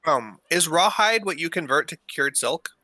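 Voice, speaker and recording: Bright-voiced man chatting over game voice chat. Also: fairly high pitch, animated, moderate pace, dry recording, poor audio. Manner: chatty, explains game mechanics, laughs often. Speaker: player in an online game group. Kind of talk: casual voice chat while gaming.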